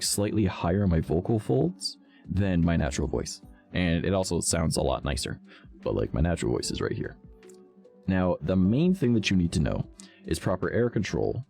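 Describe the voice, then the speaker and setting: Very deep gravelly man chatting. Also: big pitch swings, normal speed, a little mellow, soft background music. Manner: jumps between natural voice and higher put-on voices. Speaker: streamer and voice actor. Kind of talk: casual live-stream chat.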